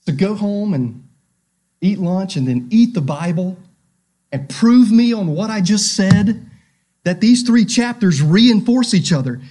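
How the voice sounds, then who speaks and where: Man, pastor, sermon, scripture reading, higher voice, emphatic, direct questions to the congregation. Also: lively intonation, measured pace. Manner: emphatic, swings between loud and hushed; addresses listeners directly with questions.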